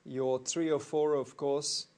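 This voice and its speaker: A man teaching accounting in a recorded lecture, explaining worked examples in a measured, methodical way and repeating key points. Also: a little high, little pitch movement, a little mellow. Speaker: accounting tutor.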